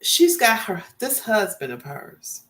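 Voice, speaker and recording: Animated woman telling stories with big swoops. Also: mid-range voice, slow pace. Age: 50s. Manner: animated storytelling, laughing, dramatic swoops. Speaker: vlogger. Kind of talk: casual live-stream chat.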